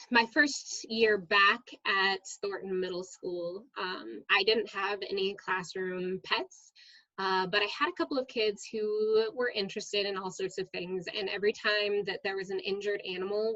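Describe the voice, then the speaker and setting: A woman, a middle school science teacher, chatting as a guest in an interview and telling lively stories with frequent "um"s. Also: mid-range voice, normal speed, no room sound, lo-fi sound. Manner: lively storyteller, many "um"s. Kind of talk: casual interview storytelling.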